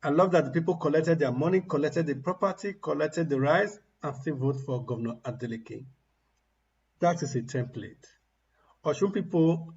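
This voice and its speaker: Guy ranting and mocking on a livestream, kinda high voice, muffled lo-fi audio. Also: normal speed, darkish tone. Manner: mocking, ranting, laughs at his targets. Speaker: political commentator. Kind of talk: livestream commentary.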